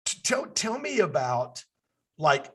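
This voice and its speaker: A man hosting a podcast, telling stories in a casual, animated way, his voice leaping up when he gets excited. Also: on the high side, takes it slowly, breathy edge. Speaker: podcast host. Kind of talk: casual interview chat.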